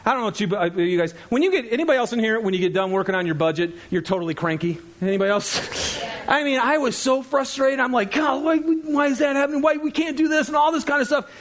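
High-pitched middle-aged guy preaching in church, chatty, laughs a lot, acts out quotes. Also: fast talker, few pauses. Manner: conversational, animated, laughs often, acts out quotes. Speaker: pastor. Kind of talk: sermon. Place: church sanctuary.

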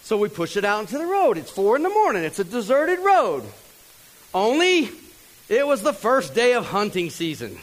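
A man's voice: fairly quick, few pauses, poor audio. A man, telling a funny story from the pulpit and talking straight to the crowd. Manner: animated, talks to the crowd, mimics others in a higher voice. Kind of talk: storytelling sermon.

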